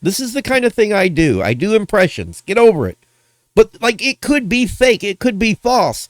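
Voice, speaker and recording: A man hosting a gaming video, ranting casually in an animated, rambling way and tossing out playful insults. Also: sits high, moderate pace, no room sound.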